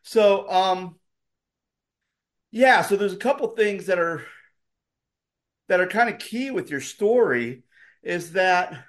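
A man's voice: high voice, expressive, takes it slowly, long pauses. A man co-hosting a podcast as a pastor, talking casually and explaining points with facts and frequent fillers.

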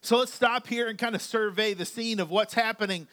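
Male pastor with a high, bright voice, preaching in a loose, joking, chatty way. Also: brisk, clear, resonant tone. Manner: chatty, joking asides to the congregation. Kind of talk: conversational sermon.

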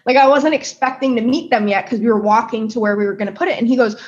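A woman in her twenties from New Jersey, telling an excited story in casual chat, swearing freely and acting out quotes. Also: on the high side, fast talker, muffled recording. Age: 20s. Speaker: guest pastry chef.

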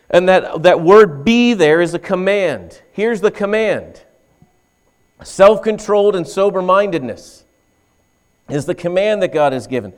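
A male pastor preaching a sermon, telling a story and rising to emphatic calls to his listeners. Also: sits high.

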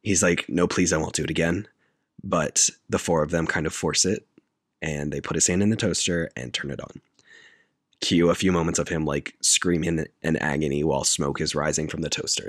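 Very low-voiced man recapping a film. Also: a little fast, slightly rough, no room sound, studio quality. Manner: retells scenes in deadpan detail, filler-heavy. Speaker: podcast co-host recapping a film. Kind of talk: casual chat.

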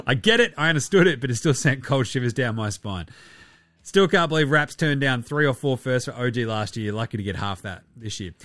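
A man's voice: medium pitch, huge pitch swings, normal speed, a bit bright, dry recording. An Australian man hosting a basketball podcast, rambling through casual, slangy, profane banter. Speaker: podcast host.

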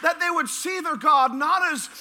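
High, bright-voiced pastor preaching. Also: male voice, normal speed, slight background noise. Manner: preaching with rising shouts and sung lines. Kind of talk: sermon. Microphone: church podcast recording of a live sermon.

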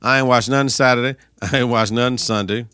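A young man hosts his own podcast solo, chatting about sports and coaching in a loose, slangy, profane way. His voice is bright and forceful. The sound is close and dry, with no room around it. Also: medium pitch, a little fast, clean tone, no echo. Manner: profane, slangy, animated riffing. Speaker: podcast host, teacher and coach.

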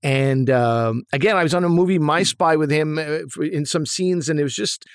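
A man's voice: on the high side, normal speed, clear, resonant tone, no room sound, clean studio sound. A man, an actor, telling stories from film sets in a casual interview, rambling with many restarts and asides. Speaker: actor guest.

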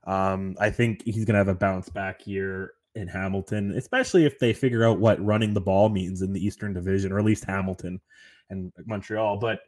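Rambling man with a lowish voice. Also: steady tone, brisk, darkish tone. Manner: rambling, self-deprecating, many "like" fillers. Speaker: podcast co-host. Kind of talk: casual sports roundtable chat.

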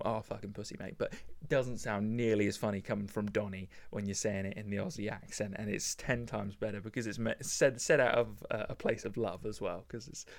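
A man hosting a casual solo podcast, rambling enthusiastically with lots of fillers. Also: on the low side. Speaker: podcast host.

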